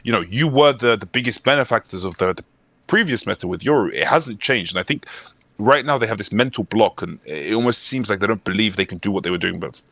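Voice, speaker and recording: A man with a lowish voice talks through match analysis in a casual podcast chat. He is opinionated and emphatic, pressing his points and restarting sentences as he goes. The sound is dry and close. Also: lively intonation, fast talker, gravelly, a bit bright, no echo. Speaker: podcast co-host.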